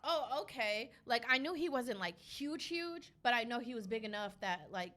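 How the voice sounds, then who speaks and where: A woman's voice: on the high side, lively intonation, moderate pace, a crowd in the background. A young woman guest on a podcast, chatty and sassy, telling a story with lots of swearing. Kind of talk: casual storytelling chat.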